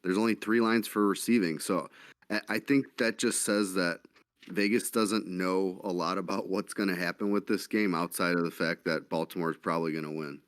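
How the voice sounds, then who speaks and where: A man chatting casually about sports bets in a laid-back manner, making deadpan jokes. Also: low-pitched, normal speed, dry recording, studio quality. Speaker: podcast guest. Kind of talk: casual sports betting chat.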